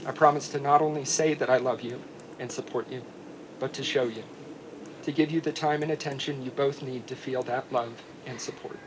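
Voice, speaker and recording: A groom reads his wedding vows in an earnest, heartfelt tone. His voice is middle-pitched and grows softer at the tender lines. Clear ambient noise from outdoors sits behind him. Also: steady tone, normal speed.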